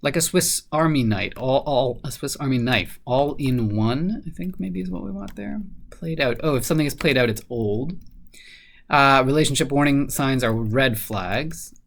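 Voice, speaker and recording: Male crossword solver, gravelly voice, mid pitch, casual think-aloud with frequent fillers. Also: moderate pace.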